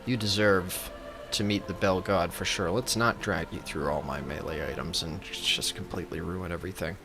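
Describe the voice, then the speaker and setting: A man's voice: sits low, steady tone, moderate pace, over music. A man giving comedic gameplay commentary as a gaming YouTuber, joking in a playful, mock-reverent way.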